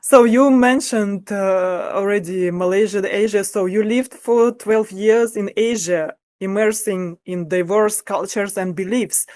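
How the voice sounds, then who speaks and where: A woman's voice: medium pitch, fairly even intonation, measured pace, few pauses, a little mellow, no echo. A woman interview host asking her guest encouraging questions about her path. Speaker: podcast host.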